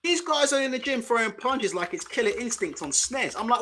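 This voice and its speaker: A young man riffs on a live boxing chat, blunt and foul-mouthed, breaking into laughter. His voice sits high and bright, and his pitch swings widely as he talks. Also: lively intonation, fairly quick, slight background noise. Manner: blunt, swearing, laughs a lot while ranting. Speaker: boxing channel host. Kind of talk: casual live-stream chat.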